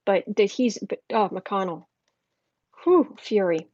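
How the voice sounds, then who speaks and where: A woman's voice: medium pitch, slow pace, darkish tone, no echo, muffled recording. A woman doing a live tarot reading, chatty and thinking aloud, with many restarts. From United States. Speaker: tarot reader.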